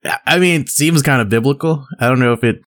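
A man co-hosting a podcast, talking casually with a laid-back, deadpan delivery and quick laughs. His voice sits at an ordinary middle pitch. He speaks into a studio podcast mic. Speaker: podcast co-host.

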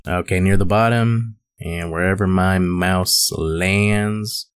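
Low-voiced young man, dry and playful. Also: fairly even intonation, takes it slowly, clear, resonant tone. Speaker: debater. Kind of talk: casual comedic debate.

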